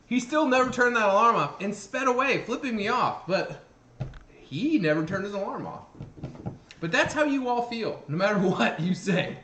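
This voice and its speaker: Brief: bright high-voiced male co-host, lively storyteller, echoey room. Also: normal speed. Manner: animated storyteller, acts out voices and laughs often. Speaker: podcast co-host. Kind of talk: casual chat. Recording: echoey room with faint noise.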